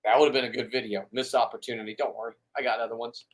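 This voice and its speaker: A man talks casually on a live stream as the fisherman hosting it. He rambles bluntly, swears freely, and restarts words as he goes. His voice sits at an ordinary pitch for a man. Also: level tone, rapid-fire.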